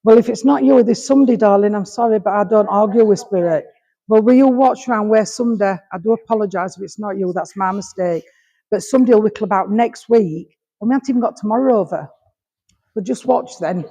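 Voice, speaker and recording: Speaking fast in a mellow, medium-pitched voice, a medium from Rotherham, England, addresses a village hall audience in a Yorkshire accent. She relays messages, calls people darling and sweetheart, and tacks "all right?" onto nearly every thought, with the hall ringing in a long reverb.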